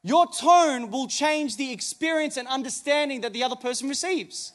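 A man's voice: extremely high pitch, moderate pace, a bit bright. A man preaching a sermon as pastor on a church stage, emphatic, with many rhetorical questions.

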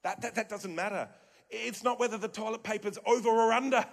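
An Australian man delivers a sermon with a notably high voice, hammering home repeated phrases between lighthearted asides. His words ring out with a long reverb that fills the church auditorium. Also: steady tone, brisk, vocal fry. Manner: emphatic, repeats key phrases, jokey asides. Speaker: pastor.

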